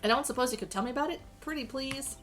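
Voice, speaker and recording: A woman's voice: high-pitched, fast, a bit bright, soft background music. A woman streaming a game, reading the dialogue aloud with joking, crude asides and a strained voice.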